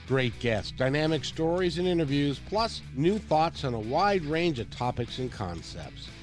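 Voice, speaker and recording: A man's voice: very animated, a little slow, soft background music. A man hosting a morning talk radio show, enthusiastic and playful, on a studio microphone. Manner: enthusiastic, playful, swoops in pitch.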